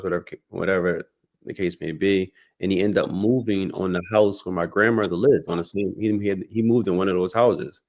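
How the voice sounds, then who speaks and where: Male guest, deep low register, reflective storyteller who restarts often. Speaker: podcast guest. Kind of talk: casual conversation.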